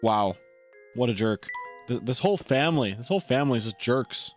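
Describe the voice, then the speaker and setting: A man chatting casually as a streamer while playing, self-deprecating and quick to restart his sentences. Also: medium pitch, animated, soft background music. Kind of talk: casual gaming commentary.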